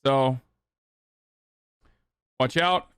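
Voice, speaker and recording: Male streamer, 30s, rambling and sarcastic, bright clear voice on a dry close mic. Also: mid-range voice, extremely slow, dry recording. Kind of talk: casual livestream commentary.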